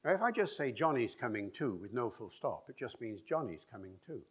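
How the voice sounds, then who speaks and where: A man's voice: medium pitch, sing-song, a little fast, breathy edge. A man giving a public talk about language, explaining with wry asides and demonstrating pronunciations. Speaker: language expert speaker. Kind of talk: public lecture and Q&A.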